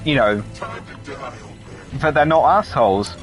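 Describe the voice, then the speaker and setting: A man's voice: mid-range voice, unhurried, soft background music. A man co-hosting a casual chat while playing a game, dry and sarcastic, swearing freely. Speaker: podcast co-host and gamer.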